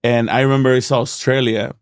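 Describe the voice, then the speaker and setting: A Mexican man with a Mexican accent, a stand-up comedian guest telling animated stories in a casual podcast interview, acting out dialogue and swearing freely. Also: mid-range voice, fast talker, clear, resonant tone, no room sound, studio quality. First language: Spanish.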